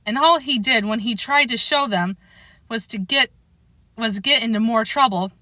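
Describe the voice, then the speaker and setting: A woman reading a storybook aloud in an expressive way, acting out the characters' lines as she narrates. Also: on the high side, moderate pace, no room sound. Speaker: storybook reader.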